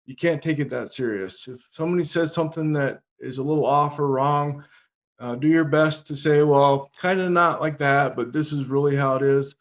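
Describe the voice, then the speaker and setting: A man's voice: a little high, steady tone, fairly quick. Man telling stories with dry humor. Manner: humorous anecdotes, dry comic timing. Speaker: podcast guest. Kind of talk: casual interview storytelling.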